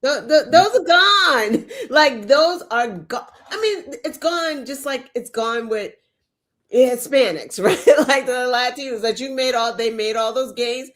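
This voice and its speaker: A woman's voice: high-pitched, animated, fairly bright tone. A woman co-hosting a political talk show, emphatic and profane in casual conversation. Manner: emphatic, profane, agreeing quickly. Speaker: podcast co-host.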